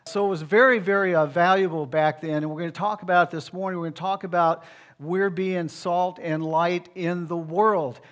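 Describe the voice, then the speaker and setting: Pastor, male, high-pitched, preaches with rising emphasis. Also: steady tone, normal speed. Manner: emphatic preaching that rises when stressing a point. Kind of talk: sermon.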